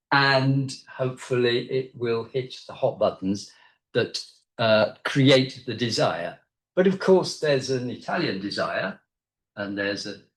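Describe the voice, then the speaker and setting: Male guest lecturer, mid-pitched voice, relaxed explanatory seminar delivery with ums and uhs, reverberant room. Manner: conversational, explanatory, with frequent hesitations. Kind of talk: academic seminar talk. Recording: echoey room.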